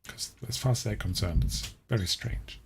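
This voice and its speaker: A man running a tabletop game as game master, explaining scenes in a measured way with frequent restarts. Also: fairly low pitch, gravelly, noisy background. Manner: measured, explaining, often restarting his sentences.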